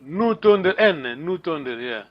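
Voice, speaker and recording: Teaching a language class over a muffled, lo-fi video call, a man with a slightly raised pitch speaks briskly with big pitch swings on a dry recording. He frequently repeats words and checks whether his students are following.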